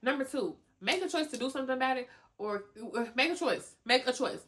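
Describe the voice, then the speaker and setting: A young woman hosting a podcast, giving animated motivational talk full of slang, cussing and laughter. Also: high-pitched, a little fast, slight background noise. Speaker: podcast host. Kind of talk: motivational casual talk to listeners.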